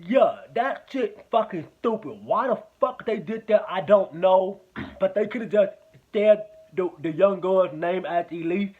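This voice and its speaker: A man with a fairly high voice talks through a movie review in a loose, rambling way, swearing often and circling back over the same points. The sound is thin and narrow, close to a phone line. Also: breathy edge. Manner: rambling, profane, repeats himself. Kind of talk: casual spoken movie review.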